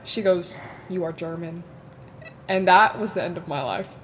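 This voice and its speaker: A woman's voice: lowish voice, moderate pace. A young woman co-hosting a podcast in casual chat, telling stories dramatically with bursts of laughter and casual swearing. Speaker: podcast co-host.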